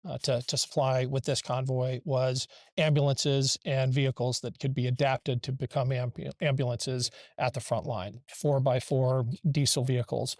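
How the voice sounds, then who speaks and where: A man's voice: medium pitch, a little mellow, no room sound, studio quality. A man speaking as a guest on a remote interview over a video call, earnest and given to restarting his words. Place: in a war zone abroad. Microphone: video call over a weak internet link.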